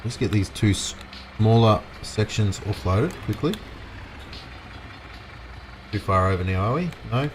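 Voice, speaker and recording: An Australian gamer, animated yet slow, with long pauses, gives rambling live commentary on a farming game and chats with viewers. His voice is lowish, and a little hiss or hum is audible.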